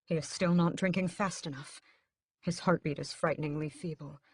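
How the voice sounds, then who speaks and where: A woman narrating a dramatic first-person audiobook in a steady storytelling manner. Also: sits low, moderate pace, breathy edge.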